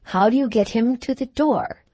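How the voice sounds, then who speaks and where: A woman's voice: a little high, normal speed, dark tone, no echo, close to an everyday voice. A woman voicing a sardonic, blunt nurse who questions her mistress dryly in an audiobook. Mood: probing. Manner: dry, blunt, probing.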